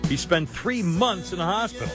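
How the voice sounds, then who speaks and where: A man's voice: high-pitched, normal speed, over music. A man hosting a talk radio show, wisecracking and laughing at his own jokes, with a frog in his throat. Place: radio studio. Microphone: studio microphone.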